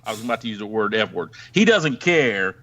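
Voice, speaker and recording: A middle-aged man from the Ozarks telling a crude police story on a podcast in a rambling, animated way. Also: fairly low pitch, brisk. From Ozarks, United States. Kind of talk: casual storytelling chat.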